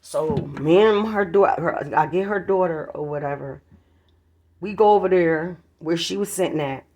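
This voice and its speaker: Recorded at home on a handheld phone near a street, a vlogger chats casually with viewers, calling them y'all and rambling with plenty of profanity. The voice sits in the mid range, a little mellow, at a normal speed.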